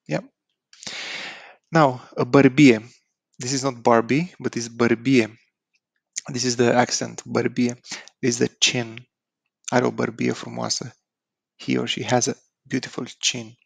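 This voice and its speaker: Slow, gravelly Romanian-accented man teaching. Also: medium pitch, no room sound. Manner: slow and halting, with many ums and uhs. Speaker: language teacher. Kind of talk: informal vocabulary lesson.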